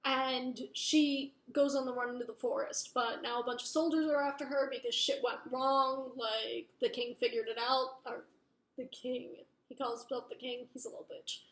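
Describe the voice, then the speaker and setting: A woman's voice: high-pitched, fairly even intonation, normal speed. A young woman casually recapping a book plot, rambling with lots of fillers and swearing. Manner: rambling, filler-heavy, profane. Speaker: book reviewer. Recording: roomy echo.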